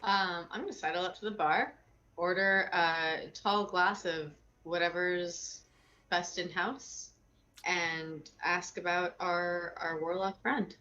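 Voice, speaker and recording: Bright playful woman on a dull mic. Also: lowish voice, steady tone. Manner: playful, swearing, quick to laugh. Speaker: player. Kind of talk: casual tabletop role-play.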